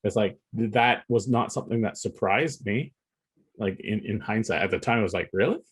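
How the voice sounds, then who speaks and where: A man's voice: fairly low pitch, a little fast, husky. A man co-hosting a casual podcast chat, rambling and restarting his sentences, laughing between points. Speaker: podcast co-host.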